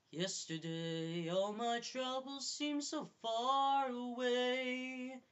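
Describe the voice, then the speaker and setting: A woman's voice: high-pitched, sharp tone. A woman in a blunt, profane vlog rant who keeps repeating her points for emphasis. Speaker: vlogger. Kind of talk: ranting monologue to camera.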